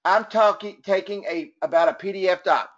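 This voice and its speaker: High-voiced Texan man coaching online. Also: moderate pace, muffled recording. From Texas. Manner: folksy, upbeat, chats with attendees and jokes. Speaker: business trainer. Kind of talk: motivational webinar training.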